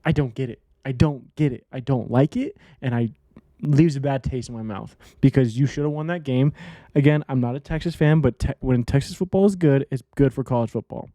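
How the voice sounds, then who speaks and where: Blunt, rambling man with a mellow voice. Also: mid-range voice, a little fast, no echo. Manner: rambling, repeats himself, blunt, swears. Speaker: sports betting podcast host. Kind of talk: casual solo sports commentary.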